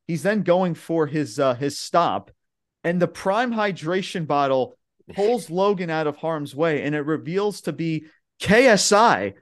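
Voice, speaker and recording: A man's voice: fairly high pitch, smooth. A young man hosting a podcast, recapping wrestling matches in a rambling, casual way with lots of fillers and swearing. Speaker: podcast host.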